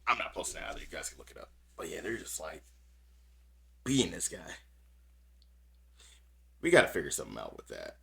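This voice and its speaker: A man's voice: deep voice, wildly swooping pitch, a little fast, creaky, long pauses, pushed and bright, husky. A man hosting a podcast, reading news stories aloud with small stumbles and commenting on them bluntly with plenty of cursing. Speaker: podcast host.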